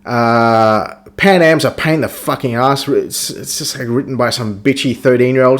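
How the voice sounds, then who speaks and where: With lively intonation and a measured pace, a podcast host tears into a video game in a casual, profane rant. He swears nonstop, stays crude, and mocks the characters with squeaky impressions.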